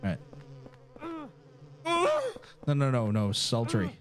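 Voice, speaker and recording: A man's voice: lowish voice, slow, crowd noise. A man with a Northern Irish accent, crude and teasing in casual banter while playing a video game with a friend. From Northern Ireland. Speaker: co-host of a gaming playthrough. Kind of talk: casual banter over gameplay.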